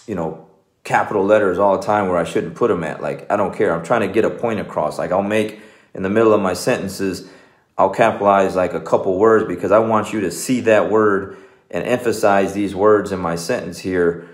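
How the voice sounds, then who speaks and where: A man's voice: low voice, fairly even intonation, a little fast. A man in his forties, a jiu-jitsu coach, giving a loose and conversational motivational talk with plenty of "man" and "you know.". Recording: echoey room.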